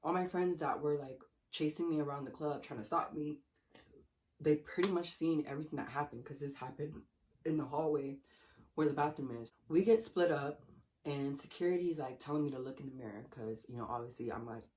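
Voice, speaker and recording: A woman's voice: low-pitched, fairly quick. A young woman vlogger telling a story casually while eating, swearing a lot and acting out what people said. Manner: profane, animated, acts out quotes.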